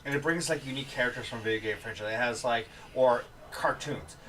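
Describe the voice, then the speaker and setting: A man co-hosting a podcast tells profane stories with animation in casual conversation. He speaks briskly at a medium pitch, recorded on a distant mic with faint noise.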